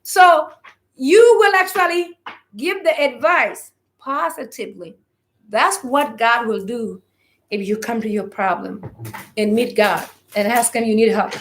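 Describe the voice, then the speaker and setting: A woman's voice: fairly high pitch, unhurried, fairly bright tone, a little hiss or hum. A woman giving a spiritual talk to online followers. She speaks emphatically, piles up rhetorical questions and calls on listeners to answer.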